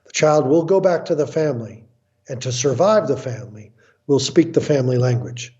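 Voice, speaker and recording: As an interview guest, a man from the United States animatedly describes his family counseling work, speaking bluntly and emphatically and performing other people's quotes. His mid-range voice is expressive, mellow and a little fast, with the highs cut off.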